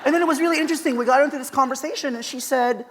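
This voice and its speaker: A man's voice: very high voice, very fast, a bit bright, a little hiss or hum. A man giving a conference keynote from a stage, telling personal stories in a conversational, emphatic way. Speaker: keynote speaker.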